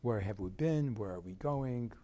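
A man's voice: on the low side, expressive, normal speed, mellow. An older man in an interview, explaining his research center in a reflective way, often restarting his sentences. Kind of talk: interview conversation.

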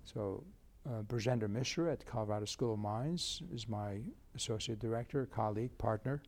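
Gravelly older man explaining at length. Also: on the low side, normal speed, a little mellow. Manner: reflective, explanatory, with frequent restarts. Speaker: research center director. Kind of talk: interview conversation.

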